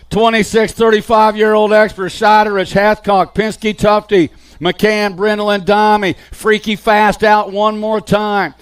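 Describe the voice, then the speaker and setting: A man giving live BMX race commentary, calling riders and positions in an excited play-by-play. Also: sits high, slow pace, clear, resonant tone. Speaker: race announcer.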